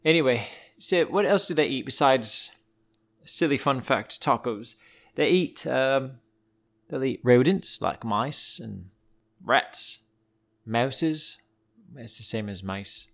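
A man hosting a children's podcast, telling silly animal facts in a playful, animated way and wandering off on tangents. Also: medium pitch, slow, creaky. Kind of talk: playful storytelling for kids.

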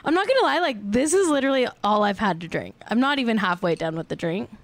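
A young woman hosting a podcast, a little tipsy and chatting casually. She rambles and giggles, full of fillers, and her pitch swings up and down a lot. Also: lively intonation, fast. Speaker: podcast host. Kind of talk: casual chat.

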